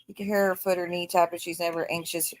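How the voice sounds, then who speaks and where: A woman's voice: lowish voice, level tone, fast. A woman co-host speaking bluntly and earnestly in casual stream chat.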